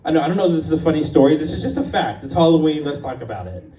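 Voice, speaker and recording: A man's voice: a little high, animated, racing, warm tone, far from the mic. A stand-up comedian in his fifties from the Los Angeles area, telling stories in a chatty, confident, self-mocking way on a bar stage. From Los Angeles area, USA. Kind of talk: live stand-up set. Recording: echoey bar room from afar, faint noise.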